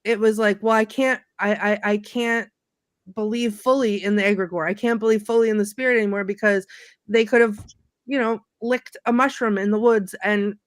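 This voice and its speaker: A woman's voice: medium pitch, steady tone, no echo, studio quality. A woman co-hosting a podcast, chatting casually about a film and often restarting her sentences. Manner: halting, restarts mid-sentence, drops to a mutter. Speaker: podcast co-host.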